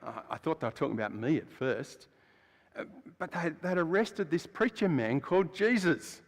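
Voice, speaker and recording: In a church with long hall reverb, a man delivers a sermon as Barabbas, the freed prisoner, telling his story in the first person as a rough, blunt adult man. His chatty storytelling swings between loud and hushed, and his gravelly, rather high voice is expressive at a moderate pace.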